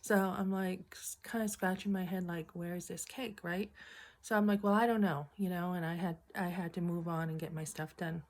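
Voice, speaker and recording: A middle-aged woman casually telling a funny story from her job, chatty and animated, acting out what people said and often clearing her throat. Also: fairly low pitch, normal speed. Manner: chatty, animated retelling with acted quotes. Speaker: vlogger.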